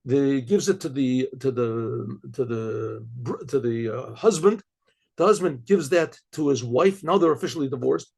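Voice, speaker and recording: Gravelly rabbi telling a story. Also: male voice, mid-range voice, a little mellow. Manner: halting, stumbles and repeats words while searching. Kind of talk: casual oral storytelling.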